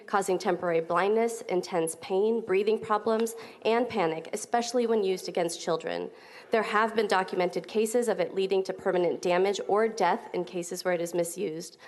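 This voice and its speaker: Formal woman attorney in a reverberant hall. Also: on the low side. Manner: formal, measured, reading from notes. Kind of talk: prepared public statement.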